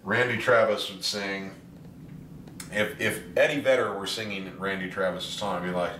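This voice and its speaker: A man's voice: low-pitched, fairly even intonation, normal speed, loud music behind the voice. A pianist and singer talking casually to his video blog viewers, rambling and self-deprecating, with stammered restarts. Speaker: pianist and singer, music teacher. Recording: roomy sound from a distant mic.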